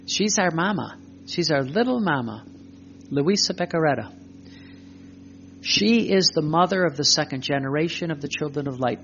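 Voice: medium pitch, vocal fry, fairly bright tone, muffled recording, slight background noise. A preacher giving emphatic spoken religious teaching, repeating phrases and asking rhetorical questions.

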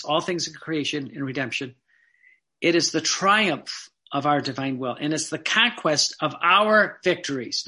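A man's voice: a little high, bright, forceful tone. A man giving a Catholic sermon, reading devotional passages aloud and explaining them in plain, earnest asides. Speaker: Catholic preacher.

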